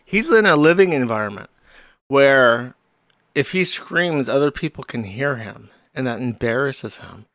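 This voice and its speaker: A man's voice: mid-range voice, lively intonation, unhurried, fairly bright tone, no echo. Dry-voiced sardonic male host. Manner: sardonic, mocking, laughs often. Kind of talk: casual commentary on clips.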